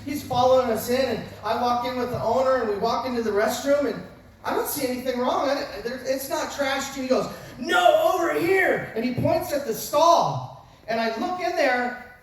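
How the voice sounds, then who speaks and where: Joking coach in an echoey hall. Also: male voice, very high voice. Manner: joking storyteller with self-mocking asides. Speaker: wrestling coach. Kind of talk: humorous after-dinner speech. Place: large banquet hall at a dinner event. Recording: very echoey hall recorded from far off, faint noise.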